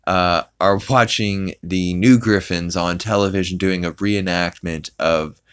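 Low-pitched male podcast host; loose, rambling recap. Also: steady tone, measured pace, fairly bright tone, clear, resonant tone. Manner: rambling, many fillers, acts out quotes. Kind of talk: casual episode recap.

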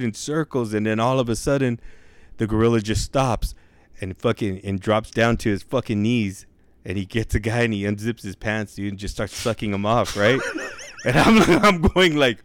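A man's voice: lowish voice, no room sound. A young man telling a long crude joke in casual, profane slang, drawing out his words. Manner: profane, drawn-out slangy delivery. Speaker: joke teller.

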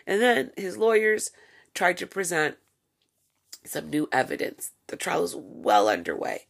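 A woman's voice: fairly low pitch, sing-song, unhurried, vocal fry. A woman hosting a casual solo podcast, delivering sarcastic, profane, gossipy commentary. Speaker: podcast host.

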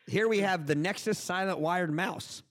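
A man reads joke reviews to his friends in a deadpan voice. The sound is dry and close, with no room around it. It is casual group talk. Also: high-pitched, moderate pace, no room sound. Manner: deadpan reading, breaks into laughter. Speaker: host reading funny product reviews. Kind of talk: casual group chat, reading aloud.

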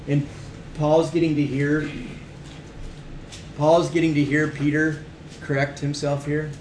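A man's voice: on the high side, level tone, slow pace, darkish tone. A man teaching a conversational Bible study, reading verses aloud and asking the group questions with emphasis. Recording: echoey room with faint background hum.

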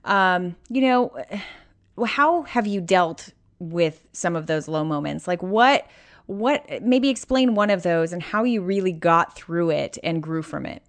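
Encouraging woman podcast host, lowish voice. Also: expressive, slow pace. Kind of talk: podcast interview.

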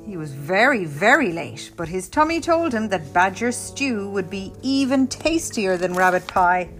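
A woman reading a picture book aloud as a bedtime story, slow and very expressive. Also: medium pitch, faint music behind.

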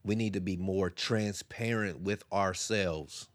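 A young man holds forth on his podcast from a home basement, candid and heavy with profanity. His voice sits fairly low and he sounds close and dry, with no room around him. He preaches in waves, sinking quiet and then rising into loud bursts. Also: steady tone, slow, few pauses, no echo. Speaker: podcast host. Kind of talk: candid monologue.

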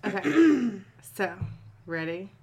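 A woman's voice: medium pitch, sing-song, takes it slowly, darkish tone, breathy edge. A woman co-hosting a casual chat, joking and swearing freely and reading fan fiction aloud. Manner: profane, joking. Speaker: podcast co-host.

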